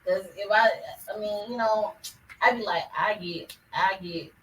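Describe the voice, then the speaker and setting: A woman's voice: fairly low pitch, steady tone, normal speed, a bit bright, distant mic, slight background noise, poor audio. A woman co-hosting a podcast in casual chat who breaks into laughter often. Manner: giggly, laughs often while talking. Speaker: podcast co-host.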